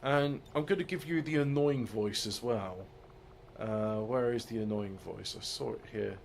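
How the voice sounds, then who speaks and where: A man talks through a strategy game in loose let's-play commentary, joking and mocking himself. His voice sits low with a gravelly fry. He mutters asides to himself as he goes. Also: unhurried, a little mellow, a little hiss or hum. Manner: rambling, joking and self-mocking. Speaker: gaming video host.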